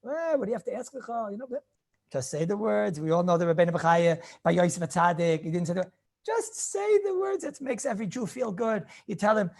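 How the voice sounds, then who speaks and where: A man's voice: high-pitched, lively intonation, a little fast, vocal fry. A male rabbi giving an informal, rambling class on Jewish law, repeating words and restarting phrases, mixing Hebrew and Yiddish terms into his English.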